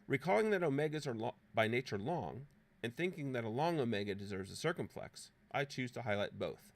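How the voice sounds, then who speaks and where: A man's voice: medium pitch, animated, brisk, vocal fry. A man presenting an app walkthrough as a scripted, playfully dramatic voice-over narration with theatrical exclamations. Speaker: presenter demonstrating a teaching app.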